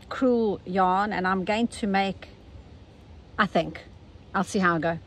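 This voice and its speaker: A South African woman, older, talking casually and gently through an embroidery tutorial step by step. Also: mid-range voice, slight background noise, poor audio. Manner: chatty, gentle step-by-step instruction. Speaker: embroidery teacher.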